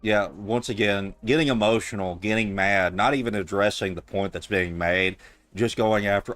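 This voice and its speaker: A man's voice: on the low side, fairly even intonation, normal speed, a bit bright. A man streaming, reacting to a clip in casual, blunt, profane and mocking commentary on a close mic.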